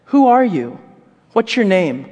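A man's voice: sits high, big pitch swings, slow pace, a little mellow, pitched above the performer's own voice, heavily acted. A man voicing a blind old father who questions suspiciously. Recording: echoey hall with long reverb.

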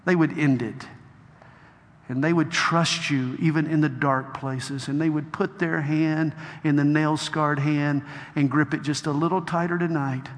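A male preacher delivering a sermon and prayer to a congregation, emphatic and building to loud exhortation. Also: on the high side, steady tone, measured pace. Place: large hall with a crowd. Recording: long hall reverb.

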